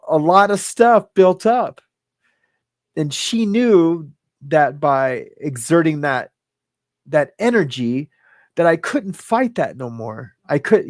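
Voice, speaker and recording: A man in his fifties who hosts a livestream, telling a personal story in a rambling, halting way full of fillers and restarts. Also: fairly high pitch, darkish tone, no room sound, studio quality. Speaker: livestream host. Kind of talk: casual storytelling.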